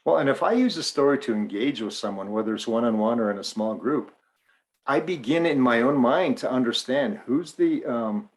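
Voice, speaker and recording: A man's voice: mid-range voice, expressive, normal speed. Thoughtful male podcast co-host. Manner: thoughtful, builds on the other's point. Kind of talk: casual chat.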